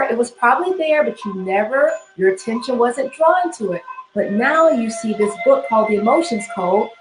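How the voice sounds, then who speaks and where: A woman's voice: a little high, a little hiss or hum. Echoey woman teaching with checks of "okay?". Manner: repeats phrases, checks in with "okay?". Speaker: spiritual teacher. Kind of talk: instructional talk to camera.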